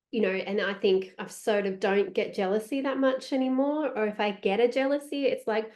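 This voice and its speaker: A woman's voice: mid-range voice, normal speed, hardly any pauses, darkish tone. A woman talking as a podcast guest, chatty and reflective, often quoting her own thoughts. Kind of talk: conversational podcast interview.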